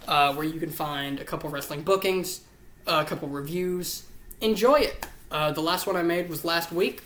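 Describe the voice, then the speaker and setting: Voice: mid-range voice, a bit bright, slight background noise. Gushing, foul-mouthed vlogger in an echoey room. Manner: gushing, profane, rambling. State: tired, yawning. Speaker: YouTube host. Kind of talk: casual ranking chat to camera.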